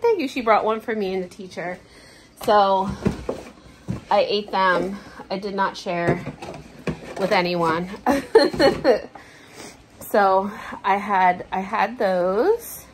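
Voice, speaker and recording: A woman's voice: mid-range voice, slow pace, pauses often, background noise. A woman vlogger chatting casually to camera at home, telling stories in a slangy, joking way. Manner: chatty, slangy, jokey storytelling.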